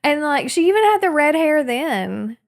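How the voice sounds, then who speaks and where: A woman's voice: high-pitched, moderate pace. Playful woman podcast co-host. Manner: lively, laughing, playful teasing. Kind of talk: casual chat.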